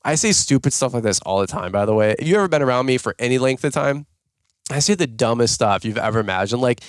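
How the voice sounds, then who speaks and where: Man, podcast host, quick talker, rambling casual stories, self-mocking, dry close sound. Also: lively intonation, dry recording. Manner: filler-heavy, self-mocking, jumps into higher-pitched voices when quoting people.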